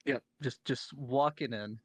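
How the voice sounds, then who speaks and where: A man's voice: mid-range voice, measured pace, no room sound. A man casually describing his character's actions as a player in a tabletop game.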